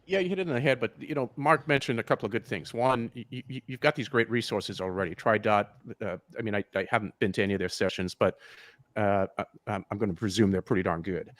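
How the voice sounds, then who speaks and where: Lower-voiced man, frank swim coach. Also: fast, fairly bright tone, no echo. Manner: frank advice with many restarts. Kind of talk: casual live interview.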